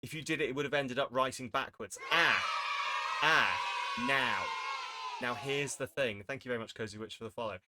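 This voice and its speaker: A man's voice: mid-range voice, normal speed, shouting, heavy background noise. A young man chatting casually on a charity live stream, rambling and self-deprecating. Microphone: desk microphone.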